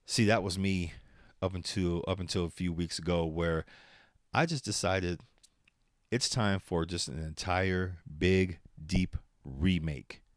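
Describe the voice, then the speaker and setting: Hosting his own podcast, a man rambles through a casual solo talk full of swearing and frequent laughter, sometimes shifting into a motivational pep talk. His voice sits low and unhurried, captured as clean studio sound with no echo.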